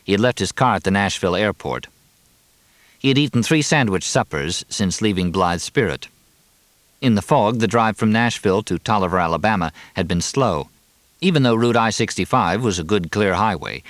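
A man reading a novel aloud in an even, measured narration. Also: fairly low pitch, no echo. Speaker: audiobook narrator. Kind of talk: scripted narration.

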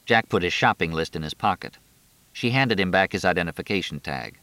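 A man reading a novel aloud in a steady, measured narration. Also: low voice, dry recording. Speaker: audiobook narrator. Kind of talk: scripted narration.

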